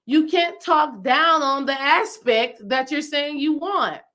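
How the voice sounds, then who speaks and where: Woman, spiritual coach, slightly high voice, emphatic, repetitive, casual teaching, asks viewers questions. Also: slow pace, pushed and bright. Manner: emphatic, repeats phrases for stress; chatty, asks the audience questions.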